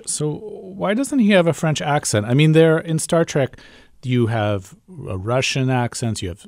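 A man's voice: medium pitch, darkish tone, no echo, clean studio sound. A male interviewer putting friendly, curious questions to his guest.

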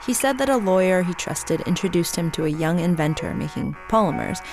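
A woman host narrating a radio documentary in a plain, measured way. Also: fairly low pitch, lively intonation, music in the background.

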